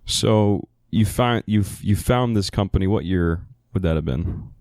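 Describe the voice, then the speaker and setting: A man hosting a podcast, asking questions in a relaxed, informal way with brief reactions. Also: low-pitched, measured pace, dry recording. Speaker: podcast host. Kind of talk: casual interview.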